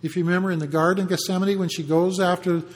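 A man's voice: high voice, level tone, quick pace, in a large hall. A man preaching a conversational Bible teaching sermon, explaining a passage with frequent restarts.

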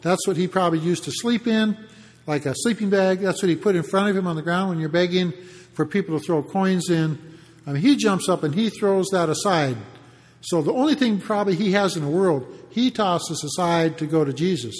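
A man's voice: sits high, fairly quick, long reverb tail. A man preaching a conversational Bible teaching sermon, explaining a passage with frequent restarts.

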